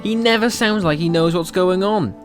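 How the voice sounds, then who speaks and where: A man's voice: sits high, moderate pace, faint music behind. A Welsh man doing casual video commentary, talking animatedly and sarcastically and swearing freely. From Wales. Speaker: YouTuber.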